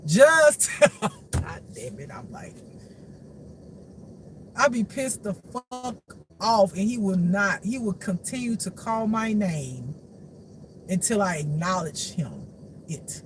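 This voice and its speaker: A spiritual life teacher in a casual, unscripted monologue, blunt and profane, laughing often and swinging between low mutters and shouts. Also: very animated, slow, pauses often. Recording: noisy background hum.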